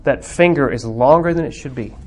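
Teaching theology and religious art in a Bible class, a man speaks in a mid-range voice with a darkish tone. He muses with many pauses and fillers, then grows fervently emphatic.

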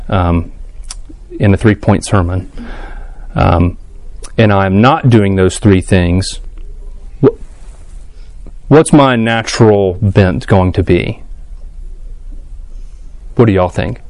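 A man's voice: sits low, takes it slowly, pauses often, no echo. A man leading a casual church class, thinking aloud with ums and restarts and putting questions to the group. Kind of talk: casual adult class lecture.

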